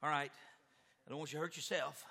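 A man preaching an animated sermon with a live demonstration, who stumbles over repeated words and works himself up to shouting. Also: a little high, fast, gravelly, breathy edge. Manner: stammers on repeated words, gets fired up and shouts. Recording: echoey hall with long reverb.

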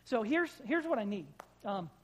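A man's voice: sits high, sing-song, normal speed, slight background noise, low-quality recording. A man preaching a sermon in a church to a live congregation, talking casually and joking with the people in the pews, on a corded microphone. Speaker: pastor.

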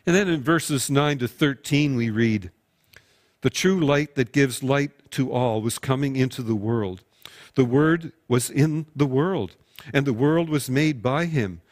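A man, a pastor, delivering a sermon in a conversational storytelling way, acting out imagined dialogue with his listeners. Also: medium pitch. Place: recorded without in-person congregation.

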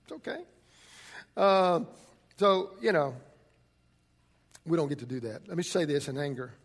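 A man's voice: on the high side, lively intonation, moderate pace, vocal fry. A man, a pastor preaching a conversational sermon and telling stories with frequent restarts.

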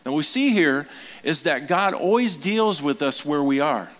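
A man's voice: on the high side, lively intonation, moderate pace, a bit bright. A man preaching a sermon as a pastor, talking casually with the congregation, asking them questions and briefly acting out the voices of the people he quotes.

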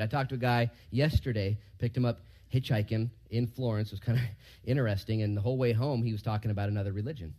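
Man preaching a lively, conversational sermon. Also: quick pace. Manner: conversational, asks the room questions, rises loud for emphasis and drops low for asides. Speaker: pastor. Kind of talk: casual verse-by-verse sermon.

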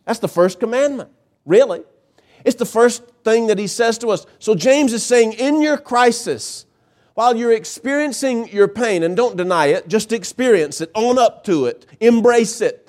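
A male pastor preaching a sermon, emphatic, with dramatic pauses and swings in pitch. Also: expressive, darkish tone.

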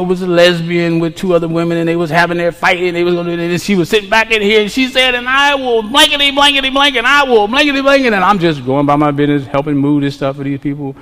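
Man preaching in an echoing hall. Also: high voice. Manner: dynamic, swings from quiet to loud, repetitive refrains. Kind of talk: sermon. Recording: long reverb of a large hall.

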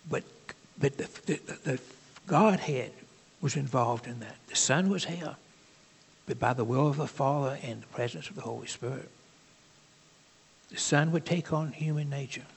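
A man preaching a sermon in a conversational, halting way, with asides to the congregation. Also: medium pitch, gravelly, husky, in a large hall.

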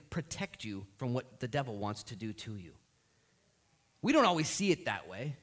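A man preaching a sermon as pastor of a church, telling the story with lively acted-out voices. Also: medium pitch.

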